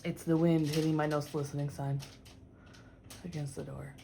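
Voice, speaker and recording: A woman's voice: deep voice, fairly even intonation, normal speed, creaky, long pauses, mellow, slightly rough. A woman vlogging casually at home, cooing and baby-talking to her cats. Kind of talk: casual chat. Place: home, indoors.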